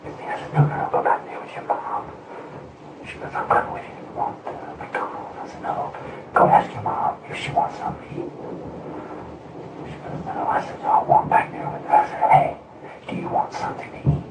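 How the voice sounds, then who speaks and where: A man recounting events in a recorded interview, agitated and rambling, repeating himself. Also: fairly quick. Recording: distant, roomy recording with loud noise.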